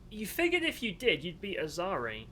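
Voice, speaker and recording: A man streaming a video game who gives casual commentary, animated, exasperated and joking. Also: high voice, normal speed, a little hiss or hum.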